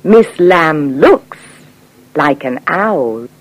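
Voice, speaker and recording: A woman reading an English coursebook unit aloud in clear, scripted narration. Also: low voice, poor audio. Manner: clear, measured reading with lively intonation. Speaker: textbook audio reader.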